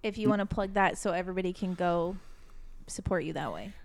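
A woman's voice: on the low side, brisk, vocal fry. A woman co-hosting a podcast in casual chat, teasing and swearing freely. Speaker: podcast co-host.

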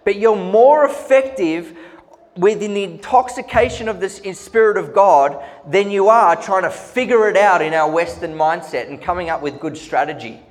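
A man's voice: sits high, normal speed. A man preaching a sermon, telling stories earnestly with humorous asides. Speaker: pastor. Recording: long hall reverb.

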